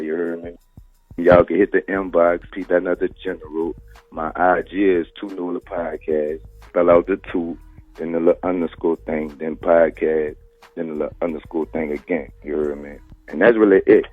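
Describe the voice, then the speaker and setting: A man's voice: low voice, breathy edge, dry recording. A man from New Orleans with a New Orleans accent, a podcast host talking casually in an interview, full of street slang and "you heard me". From New Orleans, Louisiana. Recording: tinny phone-line radio call.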